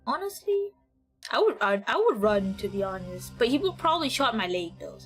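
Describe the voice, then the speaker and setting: A woman's voice: on the high side, sing-song, moderate pace, faint music behind. A young woman streaming a game, with giggly, rambling commentary and frequent laughter. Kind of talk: casual gameplay commentary.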